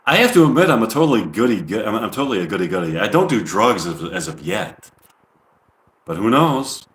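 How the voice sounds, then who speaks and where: A man's voice: on the low side, very animated, fairly quick, fairly bright tone, roomy sound. A man rambling through an improvised comedy monologue, hesitant and full of ums. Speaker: comedian live-streaming.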